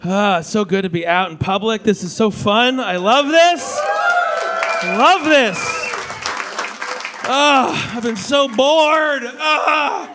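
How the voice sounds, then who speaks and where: A man in his thirties doing a stand-up comedy set on a club stage, animated and slipping into mock voices. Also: very high-pitched, slow, a crowd in the background, noisy background. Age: 30s. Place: comedy club stage before a live audience. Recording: live club audience faintly heard. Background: audience laughter.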